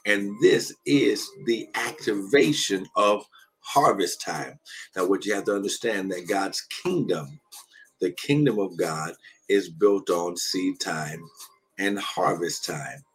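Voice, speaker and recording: A man pastor with a low, husky voice preaches into a phone from a hotel room. He drives his points home by repeating phrases and calling out to listeners. The call gives the sound a close, casual quality. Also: slow pace, a bit bright, poor audio. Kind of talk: live-streamed preaching. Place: shared hotel room at a conference. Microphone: phone or laptop on a video call.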